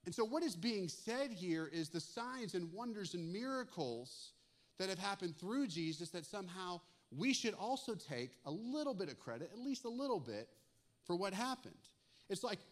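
Animated preacher, high voice. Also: male voice, fairly quick. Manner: animated, acts out comic asides in lively bursts. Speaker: pastor. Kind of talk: sermon.

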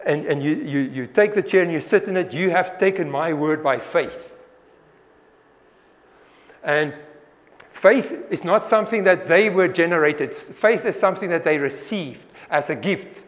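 A man's voice: high voice, in a large hall. A man preaching a sermon earnestly, often restarting his words and acting out the voices he quotes.

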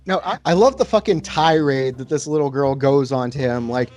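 A man on a casual podcast, talking through a film in relaxed, rambling explanations full of fillers. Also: mid-range voice, normal speed, few pauses, soft background music.

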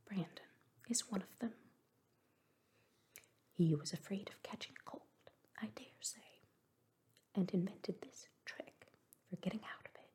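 A woman voicing a charming, sly young gentleman in a whispered role-play reading. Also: medium pitch, close to an everyday voice.

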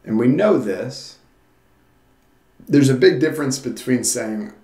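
A man's voice: medium pitch, expressive, slow, pauses often, warm tone. A man preaching a sermon as pastor, in an earnest, conversational way with frequent restarts. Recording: roomy echo.

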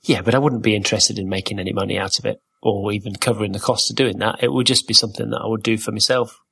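Husky guy hosting a podcast, chatty and playful, wanders off into stories. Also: fairly low pitch, steady tone, quick pace, a bit bright. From Wales. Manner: playful, rambling storyteller. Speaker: podcast host. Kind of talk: casual chat.

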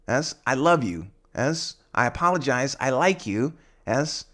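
A man's voice: mid-range voice, expressive, a little slow, hardly any pauses, a bit bright. A man hosting a podcast for English learners, explaining language in a rambling way with many fillers and tag questions. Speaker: podcast host and English teacher. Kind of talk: casual teaching monologue.

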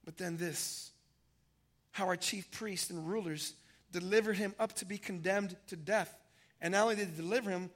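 This pastor's sermon vividly retells a scripture story, veering between loud emphasis and hushed lines. His male voice is high-pitched with a steady tone, at normal speed.

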